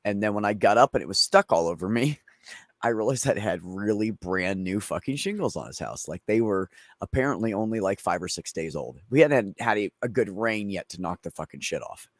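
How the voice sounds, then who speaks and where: A man's voice: on the low side, no room sound, studio quality. A man hosting a casual chat, telling a long story in a rambling, profane way. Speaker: streamer host.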